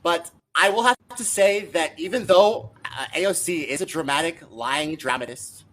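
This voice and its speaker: Male podcast guest, somewhat high pitch, teasing and argumentative, casual talk. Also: moderate pace, a bit bright. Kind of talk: casual political podcast chat.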